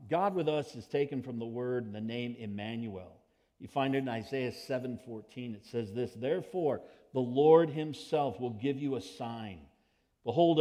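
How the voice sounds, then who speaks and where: Man, middle-aged pastor, sermon, storytelling delivery, acts out quoted kids, mid-pitched voice. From United States. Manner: storytelling with lively, acted-out quotes of children.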